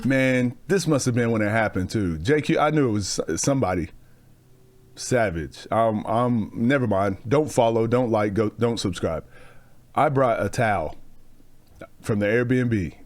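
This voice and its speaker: A man's voice: lowish voice, expressive, measured pace. A man hosting a casual basketball reaction video, joking and telling rambling, self-mocking stories with frequent laughs. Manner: joking storyteller, laughs often.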